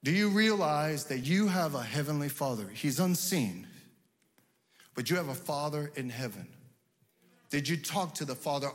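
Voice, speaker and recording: Male pastor, slightly high voice, fervent sermon with shouted peaks, long church-hall reverb. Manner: preaching with rising, shouted emphasis.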